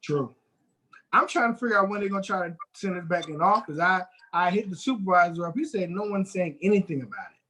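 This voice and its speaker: A man's voice: sits high, lively intonation, fast, bright, forceful tone, poor audio. Blunt, profane male podcast co-host. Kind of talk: casual chat.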